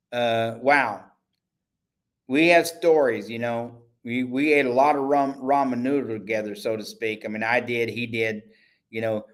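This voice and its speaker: A man's voice: medium pitch, a bit bright. Chatty, rambling male livestream host. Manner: rambling, self-correcting, chatty salesman. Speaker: host and network owner. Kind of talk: casual livestream talk.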